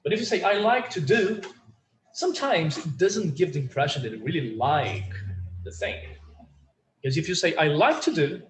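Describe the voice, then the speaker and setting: A man's voice: on the high side, lively intonation, moderate pace. A man teaching an online English lesson, chatty and full of fillers, leading the class through phrases to repeat. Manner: chatty, many fillers, drills phrases for repetition. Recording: roomy echo with faint room noise.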